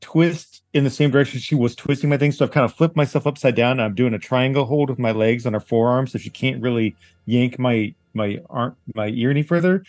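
A man player describing his character's moves in a tabletop game, animated and hedging with fillers. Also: mid-range voice, brisk, hardly any pauses, dry recording.

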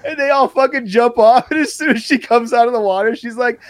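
A man co-hosting a casual movie podcast, excited, swearing often and laughing a lot. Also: very high-pitched, fairly quick, no room sound. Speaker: podcast co-host.

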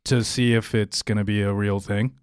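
A man's voice: fairly low pitch, little pitch movement, normal speed, clean tone, no room sound, clean studio sound. A man co-hosting a casual podcast, joining in hesitantly with bits of research. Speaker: co-host.

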